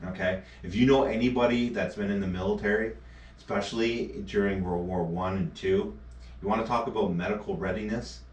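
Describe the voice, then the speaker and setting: A man's voice: lowish voice, fairly even intonation, brisk. A man streaming live, ranting sarcastically and with heavy swearing while reacting to a news clip. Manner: profane, sarcastic, scornful. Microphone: action camera mic. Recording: echoey, distant from the mic.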